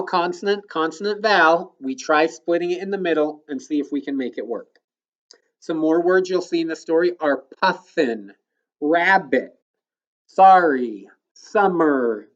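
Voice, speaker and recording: In this recorded phonics lesson, a male elementary teacher guides children step by step with patience, stretching words out slowly as he sounds them. The recording is muffled and his pitch is slightly high.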